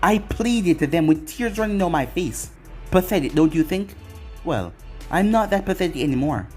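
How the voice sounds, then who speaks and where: A man's voice: a little high, lively intonation, moderate pace, faint music behind. A man narrating a fan story in first person, with sarcastic asides.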